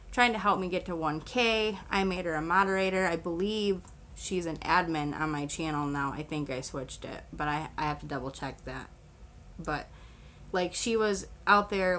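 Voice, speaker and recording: Chatty woman with a lowish voice. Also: fairly bright tone. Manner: chatty, rambling, laughs often, many fillers. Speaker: YouTuber on a live stream. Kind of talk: casual live-stream chat. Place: home room with a fan on. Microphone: selfie stick camera.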